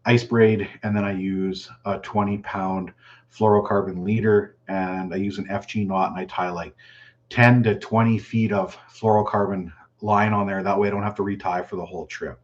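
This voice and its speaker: A man hosting a fishing channel's live chat, reading viewer questions aloud and answering them in a relaxed, chatty way. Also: lowish voice, moderate pace, muffled recording. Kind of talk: casual live stream chat.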